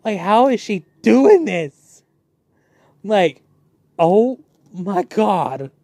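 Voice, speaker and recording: A young man talks through a show in an excitable, animated way, stumbling over fillers. His voice sits high and swings widely, his delivery is unhurried, and the recording is dry and close. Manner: excitable, animated, many fillers and re-enacted quotes. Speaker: channel host reviewing a show. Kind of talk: casual review chat.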